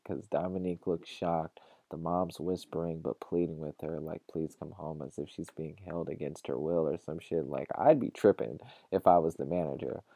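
A man with a very low, gravelly voice recaps a story for his podcast listeners. He talks loosely and swears freely, slipping into quoted lines from the people involved. The sound is dark and dry, close to the mic. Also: dry recording. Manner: profane, animated retelling with quoted voices. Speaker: podcast host.

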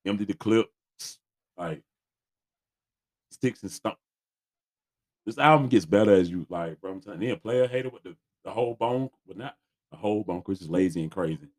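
A man with a very deep voice, sounding congested as he co-hosts a casual album review. He talks in laid-back slang and trails off mid-thought. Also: animated, moderate pace, long pauses, darkish tone. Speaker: podcast co-host.

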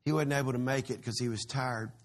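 A man with a Texan accent preaching a live sermon as a guest preacher, folksy and chatty, now and then bursting into loud exclamations. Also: medium pitch, steady tone, quick pace.

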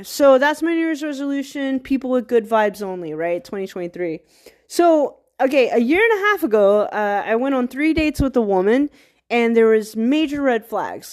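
Chatty woman from small-town Virginia. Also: a little high. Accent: Southern American, rural Virginia. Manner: rambling, chatty, many fillers and restarts; laughs often mid-sentence. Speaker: vlogger. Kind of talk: casual monologue.

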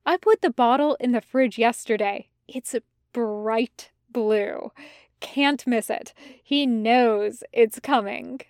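A woman's voice: a little high, slow, darkish tone, no room sound, clean studio sound. A woman voicing a mischievous, gleeful teenage boy in a storybook reading, talking in a cheerful, smug way.

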